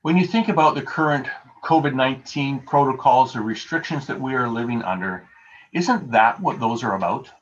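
A man delivering a sermon at a mid pitch, speaking in an easygoing, anecdotal way and poking fun at himself. The sound is muffled and lo-fi, like audio from a video call. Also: animated, normal speed, a little hiss or hum. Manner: conversational, anecdotal, self-deprecating. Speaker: pastor.

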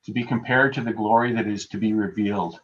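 A man's voice: on the low side, steady tone, fast talker, dull audio. A man preaching a sermon as pastor, earnest and emphatic, repeating key phrases for weight.

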